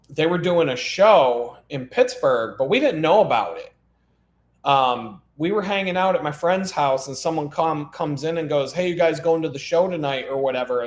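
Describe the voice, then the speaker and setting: Rambling man telling stories in an echoey room. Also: medium pitch. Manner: meandering, self-interrupting, laughs at his own stories. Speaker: live stream host. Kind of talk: rambling casual storytelling.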